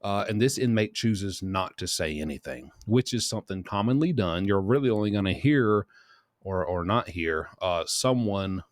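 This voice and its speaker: Low-voiced man giving casual commentary. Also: expressive, moderate pace, no room sound. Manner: chatty, shifts into quoted voices. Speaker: host.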